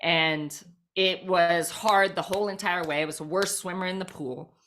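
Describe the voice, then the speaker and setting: A woman guest on a podcast, telling a personal story with lively energy and lots of "like" fillers. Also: fairly low pitch, normal speed, a little hiss or hum. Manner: frequent "like" fillers, lively retelling.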